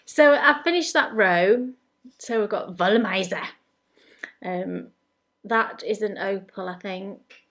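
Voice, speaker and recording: A woman's voice: mid-range voice, slow, a bit bright. An English woman hosting a knitting podcast, chatting in a rambling, good-humoured way. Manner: chatty and rambling, often laughing at herself. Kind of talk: casual chat.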